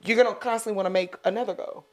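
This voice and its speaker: Woman co-host, mid-pitched, frank and profane, easy laughter. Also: steady tone, very fast. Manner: candid, profane, laughs often. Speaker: podcast co-host. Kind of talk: casual chat. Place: podcast studio.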